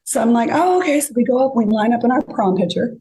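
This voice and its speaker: A woman's voice: fairly high pitch, quick pace, crowd noise. A woman telling a dating story in casual chat, acting out both sides of each exchange. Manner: chatty, acts out both sides of conversations. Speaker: guest storyteller.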